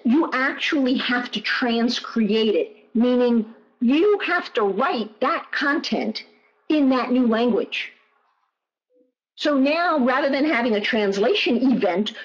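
A woman presenting in a webinar, answering questions in an emphatic way and repeating key phrases. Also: a little high. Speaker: guest presenter. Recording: muffled online audio.

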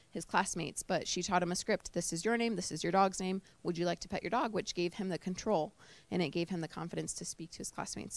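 A woman who trains service dogs gives an informal indoor talk to a small audience, chatty and emotional and using many fillers. Her voice is lowish and gravelly.

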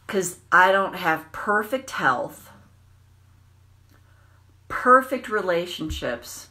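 A woman tapping coach giving an earnest, reflective self-help talk on a livestream, repeating phrases and slowing down for emphasis. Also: on the low side, pushed and bright.

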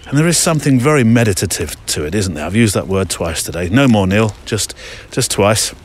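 A man's voice: lowish voice, lively intonation, fairly quick, a little hiss or hum. Chatty man recording on a walk. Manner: chatty, rambling, reads listener emails aloud. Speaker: podcast host. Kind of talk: walking podcast narration. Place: outdoors on a country walk. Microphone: handheld recorder. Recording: faint outdoor ambience.

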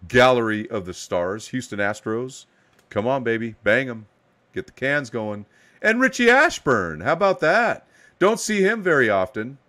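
A man's voice: fairly low pitch, fairly bright tone. A man hosting a live card box break, hyping each card as he pulls it and giving players playful nicknames. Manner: hype, calls out cards with playful nicknames.

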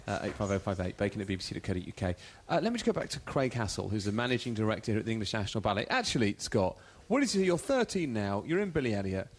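A man's voice: fairly low pitch, sing-song, rapid-fire, hardly any pauses. A man presenting a live radio show on location at a ballet company, chatty and joking as he interviews guests and reads out listener texts.

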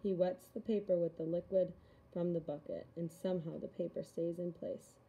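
A woman reading a children's novel aloud in a calm, even narration. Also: fairly low pitch, normal speed, vocal fry, rough recording. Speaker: reader. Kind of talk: storybook read-aloud.

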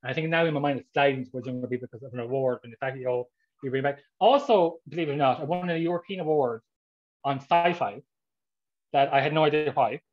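A man with an Irish accent, an author answering audience questions in a lively, casual way and acting out his own reactions. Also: medium pitch, lo-fi sound. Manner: animated storyteller, quick, acts out his own reactions.

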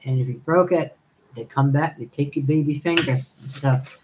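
A woman's voice: sits low, moderate pace, noisy background. A woman hosting a live stream, chatting casually, laughing often and calling viewers darling as she reads their comments.

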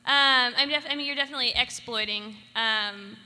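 A woman moderating a live panel discussion in an animated, storytelling way. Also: on the high side, moderate pace. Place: convention hall stage. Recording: echoey hall with faint noise.

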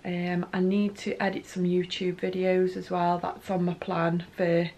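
A woman's voice: lowish voice, completely flat delivery, a little mellow, lo-fi sound, a little hiss or hum. A young woman talking casually in a video diary, with frequent "um" fillers. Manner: chatty, unhurried, frequent "um" fillers. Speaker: vlogger.

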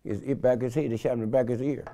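Older man, animated storyteller, interview guest. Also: mid-range voice, rapid-fire, gravelly. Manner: animated storyteller acting out quotes in loud shifts.

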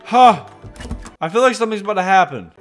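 A man's voice: high-pitched, lively intonation, a little fast, a bit bright, faint music behind. A man doing casual let's play commentary on a horror game, jumpy and talking to himself and the game. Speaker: gaming host.

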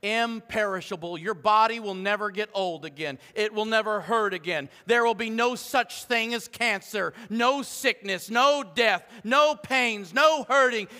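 Man, middle-aged pastor; animated sermon delivery with hushed asides, bright tone, long church echo. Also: high-pitched, a little slow, hardly any pauses. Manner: animated, joking asides, swings between loud and hushed. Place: church sanctuary. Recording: long hall reverb.

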